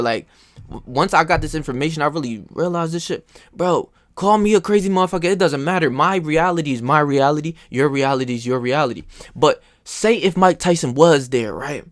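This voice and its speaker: A young man telling casual stories in a slangy, profane, animated way. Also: on the high side, dry recording, clean studio sound. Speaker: host. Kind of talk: casual storytelling monologue.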